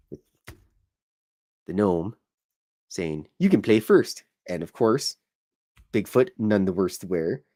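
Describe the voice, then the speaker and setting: A man with a lowish voice hosts a casual stream, talking as he sketches. He rambles, jokes at his own expense and keeps up an easygoing, chatty flow. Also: darkish tone. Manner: rambling, chatty, self-deprecating. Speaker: show host. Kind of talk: casual livestream chat while drawing.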